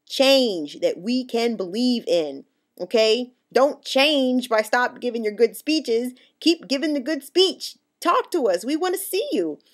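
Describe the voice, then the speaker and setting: A woman's voice: on the high side, lively intonation, measured pace. An American woman talking straight to the camera, passionate and emphatic, often stumbling and restarting mid-sentence. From United States. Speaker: vlogger. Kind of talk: direct-to-camera political rant.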